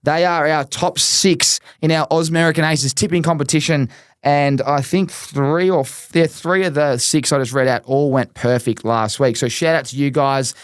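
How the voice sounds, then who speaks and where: An Australian man co-hosting a casual footy podcast, chatty and quick to laugh, with plenty of local slang. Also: a little high, fairly even intonation, dry recording, clean studio sound. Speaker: podcast co-host.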